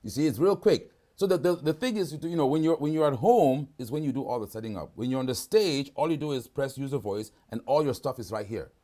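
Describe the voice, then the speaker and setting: Hosting a live product demonstration on a video call, this man talks briskly with few pauses, his mellow, medium-pitched voice full of animation. His style is relaxed, and he keeps tossing in "right?"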